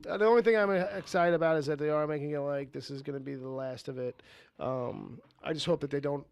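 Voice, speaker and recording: A man's voice: on the high side, a little fast, creaky, no room sound. A man co-hosting a podcast, rambling casually about movie news, with frequent swearing and laughter. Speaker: podcast co-host.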